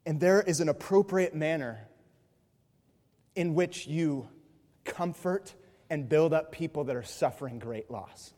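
A male pastor preaching a sermon, animated and swinging between loud mimicry and hushed earnest passages. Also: a little high, a little slow, pauses often. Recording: long reverb of a large hall.

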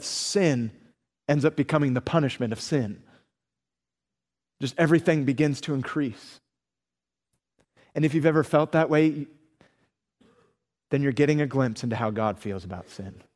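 A man preaching a sermon with earnest, animated storytelling. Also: mid-range voice, in a large hall. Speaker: pastor.

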